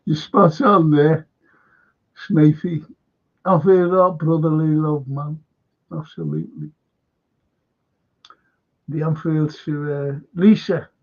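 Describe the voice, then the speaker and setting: Here a middle-aged podcast host works through live chat comments on a casual stream, laughing softly and swearing now and then. His slightly high voice stays steady in tone, moving slowly with long pauses, over dull lo-fi stream sound.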